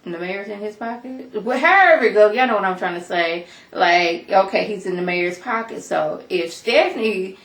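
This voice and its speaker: Recorded in a room with echo, a woman talks through a TV episode as a reviewer, giving a chatty, opinionated recap that wanders into many asides as she tells the story. She speaks in a mid-range voice that's a bit bright.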